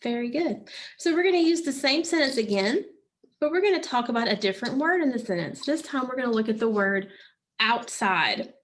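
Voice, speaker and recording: A woman teaching a phonics lesson, prompting children patiently and pausing for their answers. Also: on the high side, lively intonation, a little hiss or hum.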